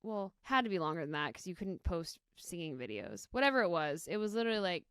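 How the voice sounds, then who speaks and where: A woman's voice: on the low side, sing-song, fast talker, a bit bright, clean tone, no echo, clean studio sound. A young woman co-hosting a podcast in casual chat, joking and saying "like" a lot. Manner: chatty, joking, heavy use of "like". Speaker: podcast co-host.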